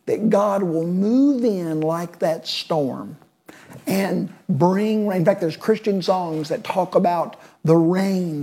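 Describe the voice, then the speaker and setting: Female preacher, sermon delivery, warm and breathy tone, emphatic repetition. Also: on the low side. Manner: emphatic, building repetitive lists.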